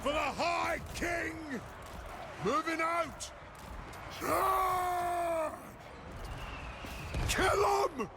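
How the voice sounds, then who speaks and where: Fierce dwarf warriors, gravelly roaring battle cries, slow and drawn out, video game voices, loud fighting noise behind. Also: male voice, extremely high pitch, full character voice. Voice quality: gravelly, always shouting.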